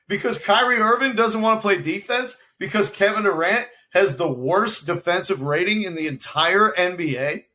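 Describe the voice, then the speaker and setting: Fired-up bright-voiced podcast man. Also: high voice. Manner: heated, argumentative, rapid rhetorical questions. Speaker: podcast co-host. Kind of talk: casual sports debate.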